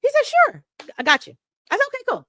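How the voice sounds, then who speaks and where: A middle-aged woman, a radio host, telling a story in an interview and acting out the dialogue with big jumps in pitch. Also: big pitch swings, fast talker, a bit bright. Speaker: radio host and podcast guest.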